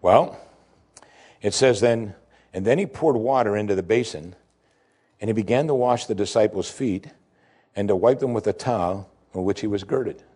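A man preaching a sermon, explaining scripture with emphasis that rises sharply in pitch. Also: moderate pace, pauses often, husky. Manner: animated preaching, voice climbing high for emphasis. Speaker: pastor.

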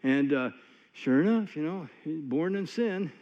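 A man's voice: on the high side, lively intonation, a little slow. Folksy preacher man in a reverberant hall. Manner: folksy, conversational storytelling with many asides. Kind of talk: sermon with personal stories. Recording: long hall reverb, dull lo-fi sound.

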